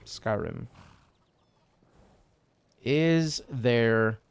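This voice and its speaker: A man's voice: medium pitch, big pitch swings, very slow, vocal fry, clear, resonant tone, no room sound. A man from Texas chatting casually on a gaming livestream, rambling between topics and reading chat messages aloud. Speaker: streamer.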